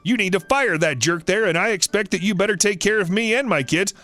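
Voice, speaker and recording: Entitled ranting woman customer done by a man, raised pitch, faint music behind. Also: fairly quick, sharp tone. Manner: ranting, swearing, accusing. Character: rude entitled woman customer, loud and demanding.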